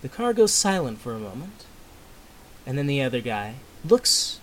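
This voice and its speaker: A man hosting a homemade comedy recording, telling a joke with loud high character voices and mumbling apologies afterward. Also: very animated, unhurried, long pauses. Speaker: comedy show host. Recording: faint hiss.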